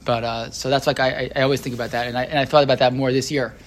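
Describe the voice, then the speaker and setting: Speaking rapid-fire with a flat delivery, a man with a mid-range voice leads a casual class on a religious text. His talk wanders conversationally, packed with fillers and restarts, and he keeps asking his students questions.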